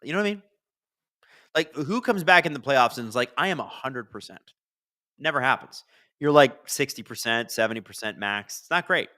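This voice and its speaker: A man hosts a casual live hockey watch-along, rambling through viewer questions in a bright, forceful voice. The sound is close and dry, with no room around it. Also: mid-range voice, a little fast, dry recording. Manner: chatty, rambling, answers chat questions; bursts into excited shouts at big plays. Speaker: hockey livestream host.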